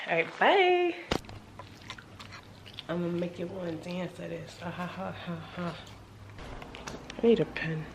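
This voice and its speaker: A woman's voice: lowish voice, a little mellow, dull audio, slight background noise. A young woman in her twenties chatting casually to the camera, telling a story as a rant and laughing often. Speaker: vlogger. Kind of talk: casual vlog chat.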